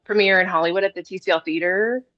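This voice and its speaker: A woman's voice: medium pitch, steady tone, quick pace, fairly bright tone, no room sound, highs cut off, faint music behind. A young woman from California, a voice actress, chatting casually and giggling, with lots of "like", on a video call. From California, USA. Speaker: voice actress guest. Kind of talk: casual interview chat.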